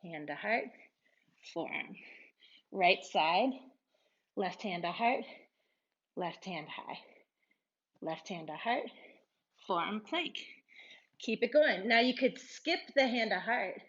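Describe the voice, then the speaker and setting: Slow-paced woman cueing yoga poses. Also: mid-range voice, muffled recording. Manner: cueing poses in short calm phrases, laughing at herself. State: slightly out of breath. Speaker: yoga instructor. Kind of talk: guided yoga class instruction.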